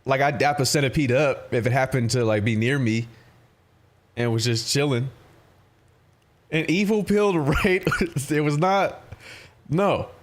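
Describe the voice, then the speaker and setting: There's slight background noise as a man with a mid-range voice livestreams at a measured pace, pausing often. Chatting casually with viewers, he tells rambling, profanity-laced stories and laughs frequently.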